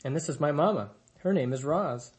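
A man's voice: a little high, animated, brisk, darkish tone, lightly acted. A man voicing a young male gosling in a storybook reading, anxious and curious with a worried, eager manner.

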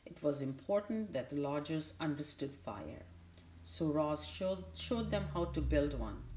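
A woman narrating a children's novel aloud in a measured, unhurried way, with a few small restarts. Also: low voice, lively intonation, darkish tone, echoey room, slight background noise. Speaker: audiobook narrator. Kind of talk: storybook read-aloud.

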